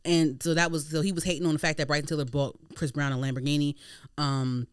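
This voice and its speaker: A woman hosting a podcast in casual chat, animated and slangy, swearing freely. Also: sits low, fast talker, smooth, no echo, clean studio sound. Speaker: podcast host.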